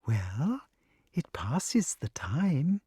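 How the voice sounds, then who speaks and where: A man voicing a patient old male grass snake with a sing-song, gently affectionate way of talking, in an audiobook. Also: on the high side, huge pitch swings, drawn-out words, breathy edge, no echo, studio quality, full character voice. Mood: patient, musing. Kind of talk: audiobook character reading.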